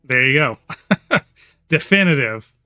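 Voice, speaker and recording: A man's voice: mid-range voice, lively intonation, takes it slowly, sharp tone, smooth, faint music behind. A man hosting a casual podcast chat, talking enthusiastically and rambling with lots of fillers. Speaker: podcast host.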